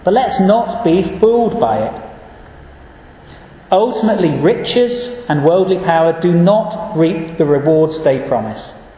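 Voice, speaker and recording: A man giving an earnest, measured sermon and reading scripture verses aloud, recorded in a church. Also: high voice, expressive, dark tone. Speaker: preacher. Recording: echoey church hall.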